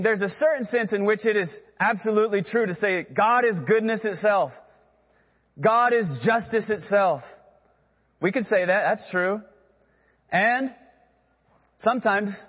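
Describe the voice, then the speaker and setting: A man's voice: sits high, big-room sound, muffled recording. A man preaching a sermon as pastor, earnest and direct, who has the congregation repeat phrases after him.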